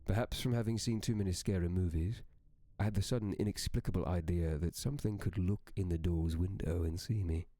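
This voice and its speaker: A man streaming, who reads a horror story aloud in a slow, steady storytelling manner. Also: low-pitched, dry recording.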